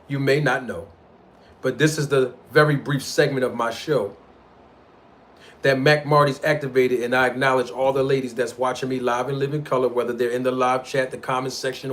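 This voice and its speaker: A man hosting a live stream, arguing his point about a boxing feud in slangy street talk and calling out to the people in his live chat. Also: medium pitch. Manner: animated, argumentative, addresses live chat directly. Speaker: livestream host. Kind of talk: boxing commentary livestream.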